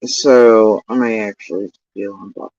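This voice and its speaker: A man's voice: lowish voice, steady tone, a little mellow. Guy in his middle years chatting on a stream, meandering and cussy, muffled sound, no room echo. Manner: profane, meandering, drawn-out. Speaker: livestreamer. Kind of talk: casual rambling chat. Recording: dull lo-fi dry sound.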